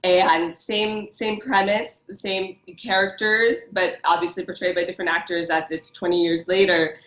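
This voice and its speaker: A woman's voice: on the low side, steady tone, moderate pace, fairly bright tone. A woman costume designer chatting as an interview guest, bubbly and enthusiastic, laughing often. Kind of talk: casual interview chat. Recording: echoey room.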